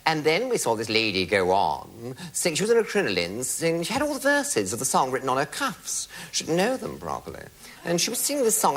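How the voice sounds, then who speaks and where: Camp raconteur, bright voice, wild pitch swoops, theatrical anecdote on a TV stage. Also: male voice, huge pitch swings, brisk, husky. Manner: camp, theatrical, with big vocal swoops and mock outrage. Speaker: comic raconteur. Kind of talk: theatrical anecdote before a live audience. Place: television studio stage.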